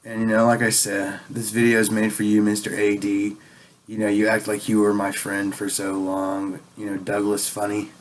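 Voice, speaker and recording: A man's voice: on the low side, completely flat delivery, moderate pace. A man delivering a rambling, profane political rant as a vlogger, sounding a bit tipsy and sarcastic.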